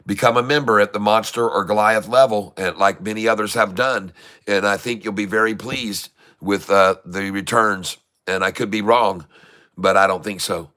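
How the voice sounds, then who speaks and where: Bright-voiced showman day-trading streamer. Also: on the low side. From Florida. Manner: folksy, showman-like, chats with viewers. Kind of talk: live-stream market commentary.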